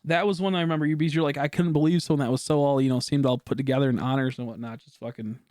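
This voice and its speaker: A man's voice: mid-range voice, steady tone, racing, a little mellow, no room sound, studio quality. A man streaming, chatting casually with viewers in a rambling way, with lots of filler words and frequent swearing.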